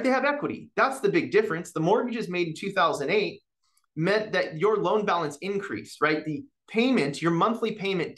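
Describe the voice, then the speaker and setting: A man with a high-sitting voice gives real estate agents an energetic rundown of the mortgage market, capping points with "right?" and role-playing client exchanges. The setting is an office meeting or an online session with chat.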